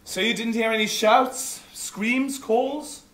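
A man's voice: very high-pitched, takes it slowly, heavily acted. A man playing a bumbling, mock-grand police inspector in an amateur stage comedy. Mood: theatrical. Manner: theatrical, lively, mock-grand. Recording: echoey theatre hall from far off.

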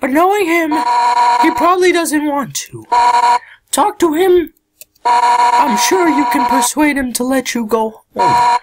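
A woman's voice: sits high, unhurried, long pauses, very noisy, pitched above the performer's own voice. Woman putting on a brash fish warrior woman. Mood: fierce. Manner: shouty, excitable, tough-talking. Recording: loud game music underneath. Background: loud video game music.

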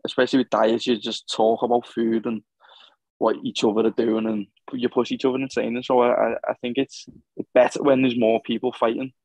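A man's voice: medium pitch, flat delivery, a little fast, darkish tone, no echo, rough recording. A young man, an MMA fighter, chatting casually on a podcast in a blunt, sweary way. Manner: blunt and sweary, calls everyone lad.

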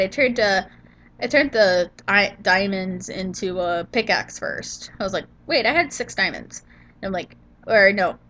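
A woman's voice: mid-range voice, bright, forceful tone. A woman giving a casual gameplay voiceover, tired and sniffly from allergies, rambling, yawning and trailing off. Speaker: gaming channel host.

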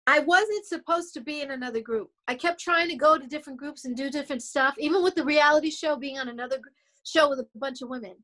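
A woman's voice: high voice, fast talker, a bit bright. A middle-aged woman, a singer being interviewed, speaking bluntly and emphatically, swearing freely and acting out what others said. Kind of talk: candid interview chat.

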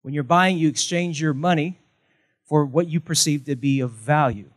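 A man's voice: a little high, normal speed. A male pastor, preaching a sermon with emphatic, punchy repetition and light jokes.

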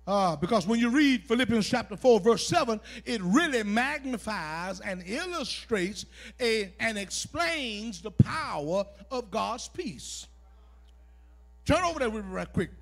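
A male pastor preaching a sermon, dropping to a hush and then building to shouts with the congregation. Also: expressive, measured pace. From Texas. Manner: builds from low, hushed delivery to shouted call-and-response preaching. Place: church sanctuary.

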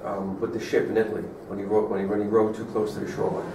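A man's voice: on the low side, level tone, racing, vocal fry, dark tone. A man, a student in a class, asking questions and thinking aloud. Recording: echoey room, speaker far from mic, faint noise.

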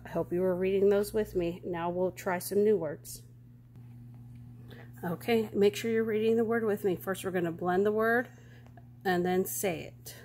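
Slow, careful woman teaching phonics. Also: lowish voice, darkish tone, a little hiss or hum. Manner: slow, careful sounding-out of words. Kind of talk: phonics lesson for young children.

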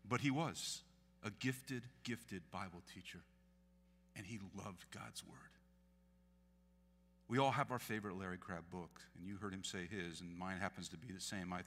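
Deep-voiced pastor in a reverberant church. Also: male voice, normal speed, pauses often, a bit bright, slight background noise. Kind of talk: memorial eulogy. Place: church sanctuary. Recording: long church hall reverb.

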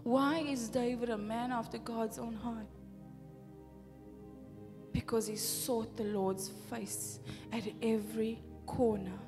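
A woman's voice: on the high side, fairly even intonation, takes it slowly. A woman pastor with a South African accent, preaching a fervent sermon full of rhetorical questions in a church hall. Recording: reverberant hall with faint music.

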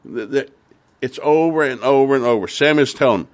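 A man's voice: medium pitch, a little fast. A man preaching and retelling Bible stories for families, emphatic and repeating phrases for stress.

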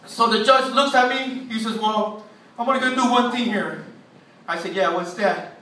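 Guy doing standup, high bright voice, swears a lot and laughs at his own bits, echoey and kinda far from the mic. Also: normal speed, noisy background. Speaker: stand-up comedian. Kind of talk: stand-up storytelling.

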